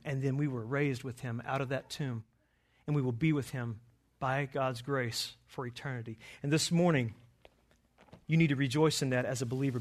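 A male pastor preaching a sermon slowly and emphatically, his voice swelling loud when he quotes scripture. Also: mid-range voice.

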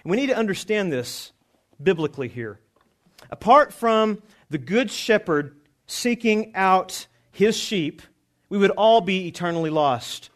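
High-voiced man preaching emphatically. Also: expressive, measured pace. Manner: emphatic preaching with swings from quiet to raised. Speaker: pastor. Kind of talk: sermon.

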